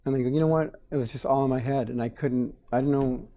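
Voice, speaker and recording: A man in his forties speaks as a dentist guest in a casual interview, with a warm, mellow tone. He explains things plainly and slips into little acted-out quotes of patients and staff, like an animated storyteller. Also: mid-range voice, quick pace.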